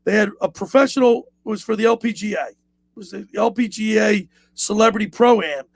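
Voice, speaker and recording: A man hosting a casual radio chat, telling animated stories and shouting out quoted lines. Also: high voice, a little fast, gravelly, no room sound. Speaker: radio show host.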